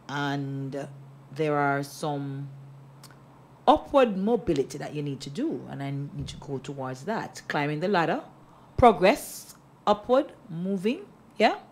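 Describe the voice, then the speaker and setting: A woman's voice: low voice, a little mellow, slight background noise. A woman co-hosting a radio talk show, bantering and teasing in a Patois-flavored casual chat. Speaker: radio co-host.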